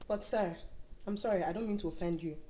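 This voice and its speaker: A woman's voice: lowish voice, quick pace, dark tone, slight background noise, close to an everyday voice. An actress with a Nigerian accent playing an outspoken girlfriend, polite but cutting. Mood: indignant.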